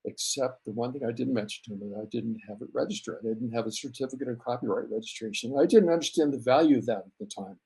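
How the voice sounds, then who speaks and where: Middle-aged male guest, mid-pitched voice, chatty anecdotal delivery with stumbles and restarts. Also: quick pace, hardly any pauses, a little mellow, breathy edge. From US West Coast. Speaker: photographer guest. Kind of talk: casual interview storytelling.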